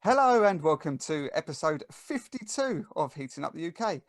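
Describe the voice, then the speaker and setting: A man's voice: a little high, sing-song, moderate pace, no room sound, clean studio sound. A man with an Essex accent hosting a podcast, chatting casually and plugging the show. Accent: Essex English. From England. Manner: chatty, thanks listeners and plugs the show. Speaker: podcast host. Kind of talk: casual chat.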